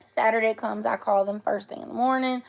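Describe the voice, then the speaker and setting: Woman, young adult, gravelly voice, earnest livestream storytelling. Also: a little high, steady tone, a little fast. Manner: earnest, emotional retelling, talks straight to viewers. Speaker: live streamer.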